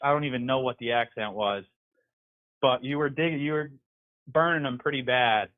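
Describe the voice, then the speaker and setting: A man's voice: mid-range voice, normal speed. A man calling in to a talk show, chatty and filling his talk with "like". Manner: chatty, uses "like" a lot. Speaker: caller. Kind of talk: casual phone call. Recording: phone line.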